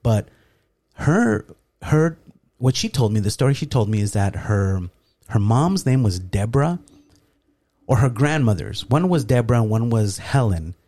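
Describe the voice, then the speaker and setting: A man's voice: medium pitch, normal speed. A middle-aged man telling a story in casual chat, acting out the lines he quotes and laughing often. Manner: animated, acts out quoted dialogue, laughs often. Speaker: podcast co-host.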